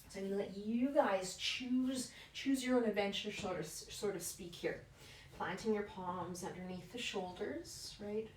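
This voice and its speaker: A woman leading a yoga class in a calm, encouraging way, often checking in with "right?". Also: mid-range voice, measured pace, slight background noise. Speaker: yoga instructor. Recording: roomy echo, mic at a distance.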